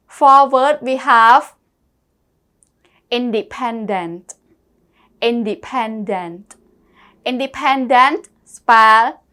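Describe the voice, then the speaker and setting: A woman's voice: a little high, very slow, pauses often, fairly bright tone. A woman teaching English vocabulary, repeating each word and spelling it out letter by letter. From Cambodia. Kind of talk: slow classroom lesson.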